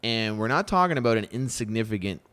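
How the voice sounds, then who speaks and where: A man in his thirties hosting a podcast, chatting casually and retelling a story with lively quoted dialogue. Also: fairly low pitch, quick pace, clear, resonant tone. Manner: storytelling, animated retelling of conversations. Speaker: podcast host. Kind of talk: casual chat.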